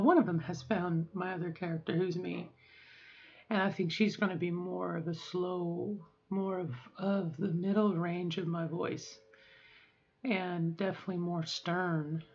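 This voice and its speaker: A woman's voice: fairly low pitch, darkish tone, muffled recording. A middle-aged woman talking frankly and emotionally in a rambling personal video diary, swearing now and then. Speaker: vlogger.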